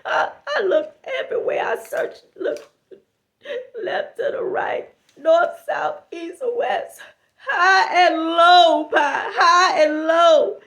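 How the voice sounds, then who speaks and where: A woman voicing her upset friend on the phone, weepy, breathy and hushed. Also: very high-pitched, steady tone, takes it slowly, pauses often, full character voice. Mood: tearful. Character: distraught woman friend, tearful and whispery.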